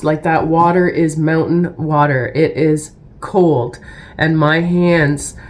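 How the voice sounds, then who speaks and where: A middle-aged woman with a stuffy cold, chatting casually and rambling through a story for her vlog. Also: sits low. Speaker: vlogger.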